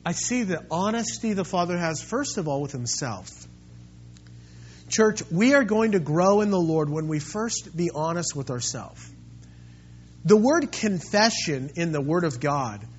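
A male pastor with a high voice preaches to his church. He drops to near-intimate quiet, then rises to loud, impassioned peaks. The recording sounds dull and lo-fi, with faint music underneath. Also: slightly rough. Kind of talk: sermon.

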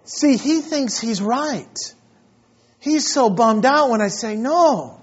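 A man's voice: very high-pitched, animated, takes it slowly, husky, dull audio. A man preaching a sermon in a conversational, anecdotal way. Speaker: pastor.

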